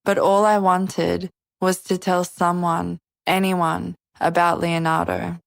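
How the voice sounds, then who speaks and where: Female narrator, lowish gravelly voice, even delivery, dry close mic. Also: slow, no room sound. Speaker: podcast host and narrator. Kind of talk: scripted narration.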